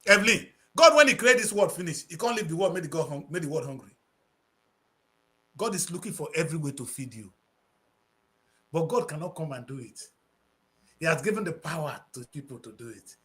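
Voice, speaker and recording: A man's voice: fairly high pitch, lively intonation, brisk, pauses often, fairly bright tone. A man with a Nigerian accent giving passionate, preachy talk-show commentary, slipping into Pidgin English.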